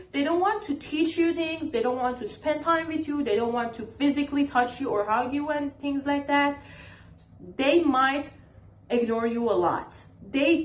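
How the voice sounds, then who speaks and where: A woman vlogger talking casually to the camera in an exasperated, sarcastic ranting tone. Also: sits high. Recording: roomy echo, faint ambience.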